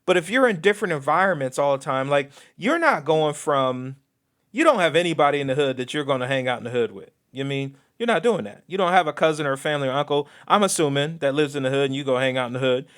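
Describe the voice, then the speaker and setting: A man co-hosting a podcast in casual chat, telling lively stories and sometimes slipping into patois-style phrasing. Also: on the high side, fast talker, clear, resonant tone. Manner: animated storyteller, slips into patois phrasing. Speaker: podcast co-host, designer.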